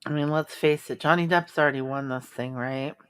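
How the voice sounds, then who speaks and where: A woman's voice: low-pitched, steady tone, fairly quick, smooth. A woman hosting a live stream, chatting casually and bluntly with viewers, sarcastic and full of ums. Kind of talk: casual chat reacting to viewer comments.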